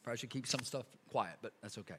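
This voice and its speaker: A male pastor preaching a casual, energetic sermon to a church congregation, full of slang, repeats and asides. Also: mid-range voice, very fast, noisy background. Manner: lively, chatty preaching with slang and repetitions. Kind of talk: sermon with a live illustration.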